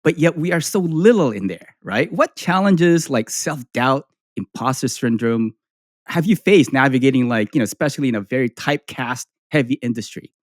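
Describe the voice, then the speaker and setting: A man's voice: mid-range voice, expressive, normal speed, dry recording. Man hosting, dry close sound. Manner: chatty, loose, many fillers. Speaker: podcast host. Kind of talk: casual interview chat.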